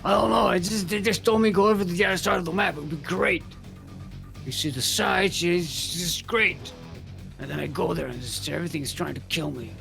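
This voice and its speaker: Whiny complaining game soldier, played by a man, rambling, slightly higher, faint music behind. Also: brisk, vocal fry. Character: grumbling game soldier complaining about his trip.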